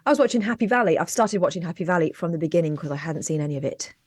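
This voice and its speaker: A woman's voice: lowish voice, expressive, racing, darkish tone, dry recording. A woman co-hosting a casual chat, telling stories in a wry, chatty way and laughing often. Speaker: co-host.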